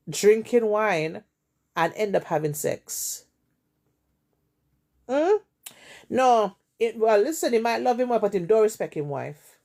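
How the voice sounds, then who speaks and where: Jamaican woman host with a gravelly voice, retelling gossip with emphatic, repetitive drama. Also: medium pitch, darkish tone. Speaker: storytelling host. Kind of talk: retelling a story in casual chat.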